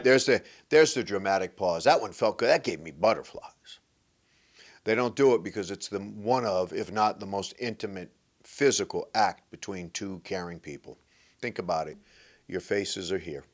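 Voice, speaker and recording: Animated man hosting an advice show. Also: mid-range voice. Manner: playful, joking, emphatic, repeats points. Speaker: show host giving relationship advice. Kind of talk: animated monologue to camera.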